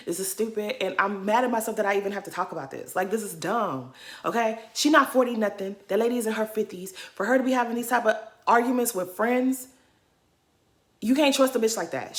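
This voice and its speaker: A woman giving an emphatic, indignant commentary rant, hammering her points home by repeating them. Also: fairly high pitch. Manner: acts out quotes in mocking voices. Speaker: reality TV commentary vlogger. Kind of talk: casual ranting commentary.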